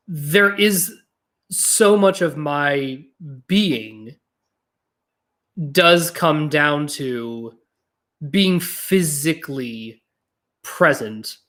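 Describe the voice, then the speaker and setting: A podcast host from New Mexico, musing aloud in a casual solo monologue. The talk wanders and restarts often, laced with swearing, slowing to a drawl on some thoughts and rushing through others. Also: mid-range voice. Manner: rambling, profane, self-correcting.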